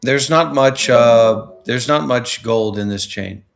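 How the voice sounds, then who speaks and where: A man's voice: medium pitch, slow, gravelly. A man hosting a livestream who talks bluntly and combatively and trades insults. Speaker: livestream host. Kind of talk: livestream chat.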